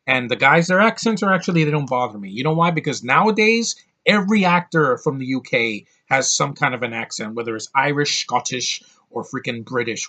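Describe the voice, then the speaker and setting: Male vlogger reviewing a film off the cuff, mid-pitched, blunt and profane, talks in bursts with lots of restarts. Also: pushed and bright. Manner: ranting, blunt, swears freely, frequent restarts. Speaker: movie reviewer. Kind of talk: casual movie review vlog.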